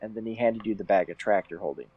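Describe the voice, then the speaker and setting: A man's voice: fairly low pitch, steady tone, husky, no echo, narrow, tinny audio. A man running a tabletop role-playing game as game master, easygoing and agreeable with the player. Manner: easygoing, agreeable, quick to laugh. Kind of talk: casual tabletop game narration.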